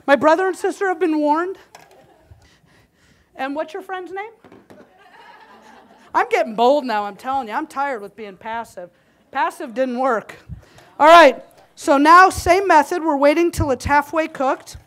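High-voiced woman, joking cooking demo. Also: a little slow, pauses often, fairly bright tone. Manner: chatty and joking, talks to the audience while cooking. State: slightly winded. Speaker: cooking demonstrator. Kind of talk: live cooking demonstration. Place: conference hall kitchen stage.

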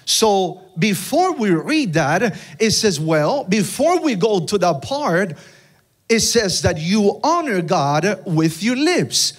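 A man's voice: high voice, sing-song, takes it slowly. A man preaching a sermon in a church, using call-and-response with the congregation. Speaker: pastor. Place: church sanctuary with live congregation.

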